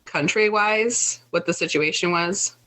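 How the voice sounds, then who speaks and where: A woman's voice: fairly low pitch, measured pace, pushed and bright, low-quality recording. A young woman co-hosting a podcast, telling a long travel story in casual chat with lots of fillers. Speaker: podcast co-host.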